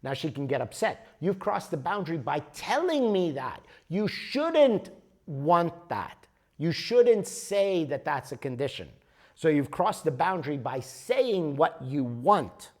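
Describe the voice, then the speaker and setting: A man's voice: fairly high pitch, very animated, a little slow, a little mellow. A man leading a workshop, explaining ideas patiently and often checking in with "okay?". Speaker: workshop leader. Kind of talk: workshop teaching. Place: workshop room.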